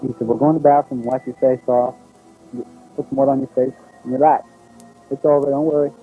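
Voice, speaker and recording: A man's voice: mid-range voice, flat delivery, brisk, slightly rough, narrow, tinny audio, soft background music. A middle-aged man telling a personal story in a rambling, folksy way, acting out what others said to him. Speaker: abduction witness.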